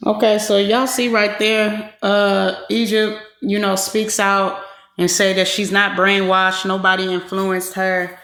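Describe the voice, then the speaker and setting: A woman's voice: mid-range voice, little pitch movement, unhurried, a bit bright, roomy sound. A woman giving casual commentary, slangy and direct, with lots of fillers as she talks to her viewers.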